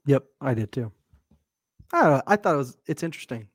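A man's voice: mid-range voice, sing-song, fast, husky, dry recording, studio quality. A man co-hosting a podcast in casual chat, easygoing and agreeable, chuckling often. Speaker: podcast co-host.

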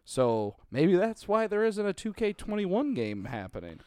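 A young man with a fairly high, animated voice joking on a podcast. He laughs a lot and makes sarcastic asides while reading headlines. The sound is close and dry. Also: a little slow, dry recording. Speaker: podcast co-host. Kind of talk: casual crude podcast banter.

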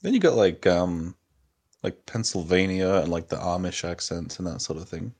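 Young man, very low voice, hesitant, podcast host in casual chat. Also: animated, normal speed, darkish tone, breathy edge. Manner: hesitant, many fillers and restarts.

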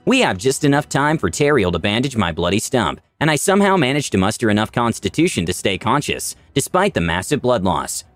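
Man, first-person story narration, wry and dramatic, animated delivery, dry close sound. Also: mid-range voice, fairly quick, hardly any pauses, no room sound, soft background music. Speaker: storyteller of a tabletop campaign.

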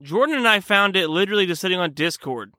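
A young man with a bright, forceful voice ribs his co-hosts in easy podcast banter and laughs often. His pitch sits a little high for a man. The sound is dry and close, with no room around it. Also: expressive, fast, dry recording. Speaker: podcast co-host. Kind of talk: casual chat.

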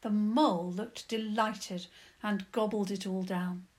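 A woman calmly and gently narrating a children's story. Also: mid-range voice, takes it slowly.

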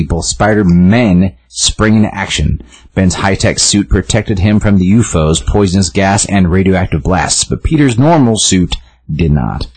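A man's voice: low voice, a little mellow, husky, no room sound. A young man co-hosting a podcast, casually retelling a comic book story in a rambling way full of fillers and restarts. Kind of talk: casual chat, retelling a comic with quick voiced lines.

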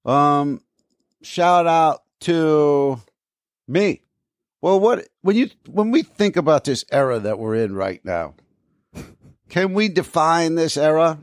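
A man's voice: on the high side, expressive, slow pace, no room sound, studio quality. Rambling man telling stories on a podcast. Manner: rambling storyteller, acts out quoted people. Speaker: podcast co-host. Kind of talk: casual chat.

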